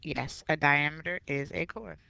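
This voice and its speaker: A woman's voice: deep voice, fairly even intonation, normal speed, creaky, pushed and bright, no room sound, lo-fi sound. A woman math teacher walking through a geometry review step by step, patient and explanatory. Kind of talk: recorded geometry review lesson.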